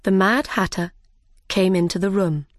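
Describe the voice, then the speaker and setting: A woman narrating a children's storybook in a careful, measured reading style. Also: mid-range voice, steady tone, no room sound, studio quality. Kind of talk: slow, clear storybook reading.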